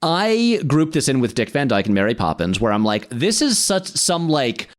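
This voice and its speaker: A man's voice: medium pitch, very animated, moderate pace. A man guesting on a podcast in casual chat, enthusiastic and stumbling over restarts.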